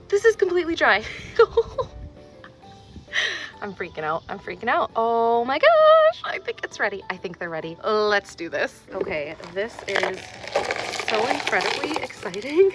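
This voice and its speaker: A young woman hosting a casual hobby vlog, excitable and quick to gasp and laugh. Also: a little high. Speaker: rock tumbling channel host.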